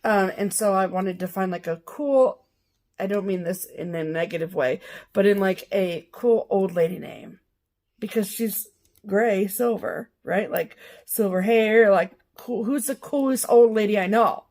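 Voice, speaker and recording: A woman's voice: mid-range voice, a little slow, darkish tone. A woman co-hosting a casual chat show, telling a long rambling story full of fillers and asides. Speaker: co-host of a cross-stitch show.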